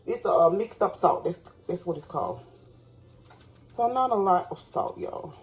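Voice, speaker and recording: A woman with a lowish, animated voice talks at a normal speed while cooking in her home kitchen. She's a cooking vlogger who chats casually with her viewers and calls them y'all.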